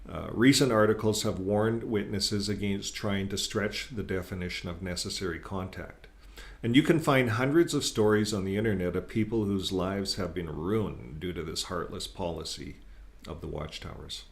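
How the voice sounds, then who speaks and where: Here a gravelly, deep-voiced man hosts his own channel at normal speed, reading articles and offering earnest, critical remarks in a casual way. Repeated words and fillers crop up often, and quoted passages come out with extra emphasis.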